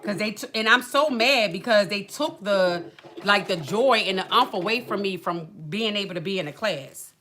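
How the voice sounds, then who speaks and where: A woman hosting a livestream, telling an animated, colloquial story with acted quotes and sighs. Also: mid-range voice, moderate pace, a little hiss or hum. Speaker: livestream host. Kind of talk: casual chat, venting story.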